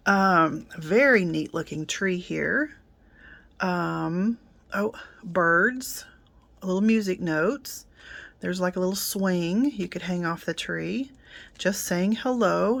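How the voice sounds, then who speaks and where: Casual middle-aged woman, lower-pitched and slow, chatty craft reviewer. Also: vocal fry. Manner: chatty, many ums, soft asides. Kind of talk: casual unboxing demo.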